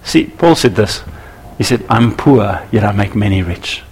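A man preaching a sermon to church leaders, animated and acting out little scenes with voices. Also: fairly low pitch, a little slow, husky. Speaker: pastor.

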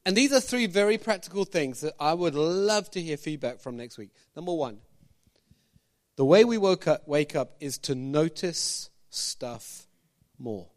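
A man preaching a sermon as pastor, animated, firing questions at the congregation with jokey asides. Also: a little high, a little slow.

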